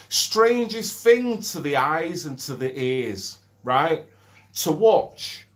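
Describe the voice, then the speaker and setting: A middle-aged man streaming from home, chatting bluntly, swearing freely and reading out viewer comments. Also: on the high side. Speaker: livestream host. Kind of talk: casual livestream chat.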